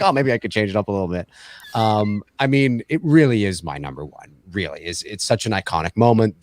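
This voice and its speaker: Rambling low-voiced man, dry sound. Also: no echo. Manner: rambling, animated, acts out film lines. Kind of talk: casual panel discussion.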